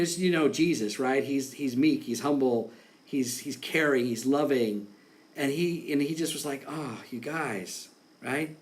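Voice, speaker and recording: A man preaching a sermon in a relaxed, conversational way, acting out quotes and laughing along the way. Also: medium pitch. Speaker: pastor.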